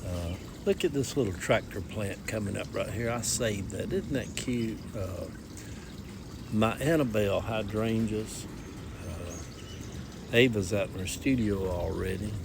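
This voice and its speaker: Out in his backyard garden, a man in his seventies talks in a rambling, folksy way for a casual vlog as a social media storyteller. He has a Southern American accent, specifically Atlanta Cabbagetown dialect, and a gravelly, fairly low voice at a measured pace, over a noisy background.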